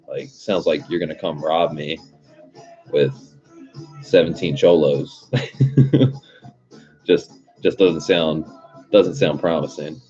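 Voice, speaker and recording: Over background music on dull, lo-fi stream audio, a young man hosting a livestream tells stories in a relaxed, rambling chat peppered with profanity. He has a warm bass voice, takes things slowly, and pauses often.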